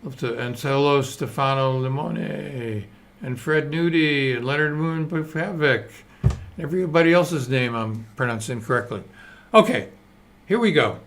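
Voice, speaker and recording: An older man in his seventies rambles through a live stream, drifting from one thought to the next. He mocks himself easily and drops the odd curse. His voice sits at an ordinary middle pitch for a man. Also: moderate pace, fairly bright tone. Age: 70s. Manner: loose, digressive and self-mocking, swears and laughs at himself. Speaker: host.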